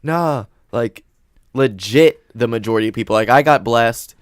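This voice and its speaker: A male podcast host talks in a loose, laid-back way, swearing freely as he tells stories. His voice is smooth and resonant at a middle pitch. The sound is dry and close to the mic. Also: moderate pace, no room sound. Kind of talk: casual podcast chat.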